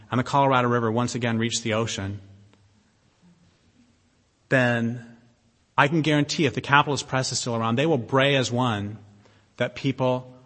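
A man giving an impassioned public talk, blunt and sardonic, with emphatic stresses and long pauses. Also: medium pitch, fairly bright tone. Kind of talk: impassioned lecture to an audience. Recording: long reverb of a hall.

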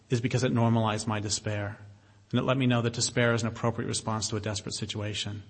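A man giving an impassioned public talk, blunt and sardonic, with emphatic stresses and long pauses. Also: medium pitch, breathy edge. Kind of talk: impassioned lecture to an audience. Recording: long reverb of a hall.

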